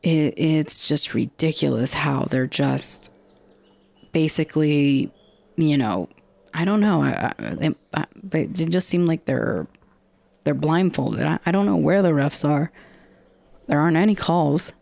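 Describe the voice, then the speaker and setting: Gravelly low-voiced woman, chatty podcast host. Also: a little slow, darkish tone, no echo. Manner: chatty and rambling, with frequent restarts and casual swearing. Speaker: podcast host recapping a TV episode. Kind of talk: casual chat.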